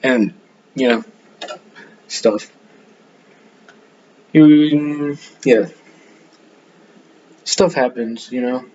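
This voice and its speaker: A man's voice: mid-range voice, drawn-out words, long pauses, a little mellow, muffled recording. Rambling young man telling school stories. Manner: rambling, full of fillers and self-corrections, laughs at himself. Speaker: podcast storyteller. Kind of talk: rambling casual storytelling.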